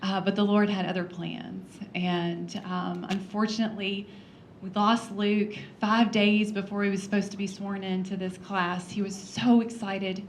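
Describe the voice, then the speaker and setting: A congresswoman giving a heartfelt personal speech at a breakfast event, earnest and storytelling, with soft laughs and frequent ums. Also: medium pitch, flat delivery, a little slow, a little hiss or hum.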